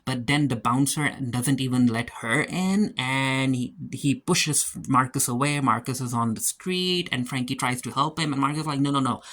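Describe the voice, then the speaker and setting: A man in a mid-pitched, everyday voice talks through a TV episode as a reviewer. His delivery is loose and chatty, with frequent fillers and restarted phrases as he thinks aloud. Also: moderate pace, hardly any pauses, a bit bright. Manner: chatty, with frequent "like" and false starts. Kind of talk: casual spoken recap.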